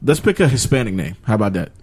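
Male podcast co-host, relaxed slangy chat, reads mail aloud. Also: fairly low pitch, quick pace, husky. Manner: laid-back, slangy, laughs often. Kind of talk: casual chat, reading a listener letter.

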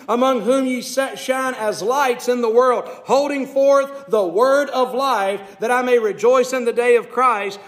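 A man's voice: extremely high pitch, fairly bright tone. A man preaching a sermon to a congregation, asking "Amen?" and reading scripture aloud. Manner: preaching with call-and-response "Amen?"; reads King James scripture aloud. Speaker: pastor.

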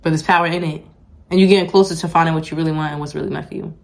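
A woman's voice: deep voice, fairly even intonation, very fast, gravelly, crowd noise. A woman co-hosting a casual chat podcast, talking emphatically and repeating her points to drive them home. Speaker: podcast co-host.

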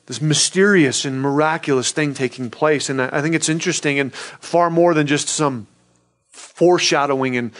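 A man's voice: fairly high pitch, a bit bright. A pastor, a man, preaching an earnest sermon in a conversational way and often checking in with his listeners.

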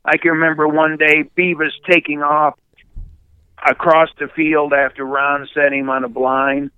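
An older man from Michigan, a retired pitcher and podcast guest, telling animated hunting stories in casual chat. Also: a little slow, smooth, no room sound, narrow, tinny audio. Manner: animated anecdote teller, mimics yelping dogs and shouting people.

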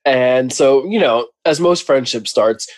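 A man co-hosting a podcast, casually recapping a book in an animated way and laughing often. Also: medium pitch, measured pace, no room sound. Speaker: podcast co-host.

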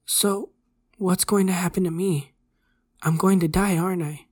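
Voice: medium pitch, little pitch movement, moderate pace, natural voice. Narrator voicing a terrified dying young man. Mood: pleading. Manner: pleading, panicked, breaking into sobs. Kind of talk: horror story reading.

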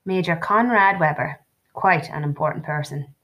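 A woman reading the part of a careful middle-aged father who speaks low and gently. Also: moderate pace. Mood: explaining. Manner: low-voiced, reasoning, gentle.

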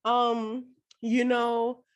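A woman's voice: fairly high pitch, completely flat delivery, very slow. A young woman co-hosting a podcast in casual chat, blunt and emphatic, swearing freely. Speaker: podcast co-host.

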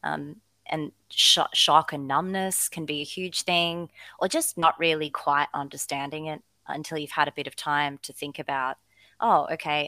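A woman psychologist from Australia, a podcast guest explaining things in a measured way with small restarts. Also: deep voice, fairly even intonation, bright, forceful tone, no room sound. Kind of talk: podcast interview.

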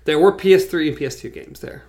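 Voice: mid-range voice, lively intonation, quick pace, a little mellow. A co-host in casual chat, wry and teasing, laughing often while recapping a show. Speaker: podcast co-host.

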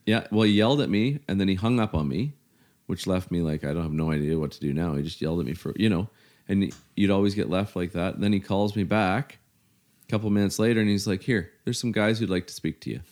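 Man, middle-aged, very low voice, plain-spoken, halting storyteller, casual interview talk. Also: darkish tone. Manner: plain-spoken, halting, many fillers like "you know". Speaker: guest telling his story.

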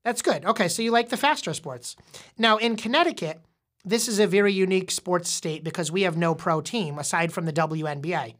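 A woman with a somewhat low voice hosts a casual podcast chat. She explains topics patiently and asks quiz-like questions. She often stumbles and repeats words mid-sentence. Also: fairly quick. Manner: frequent repeated restarts. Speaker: podcast host interviewing a young child.

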